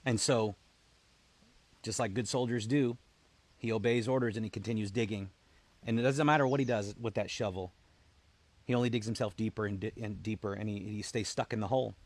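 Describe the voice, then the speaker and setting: Earnest veteran man, halting retelling. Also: on the low side, fairly even intonation. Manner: earnest, halting, often repeating words as he restarts. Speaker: military veteran, founder of a veterans' support group. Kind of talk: personal storytelling to camera.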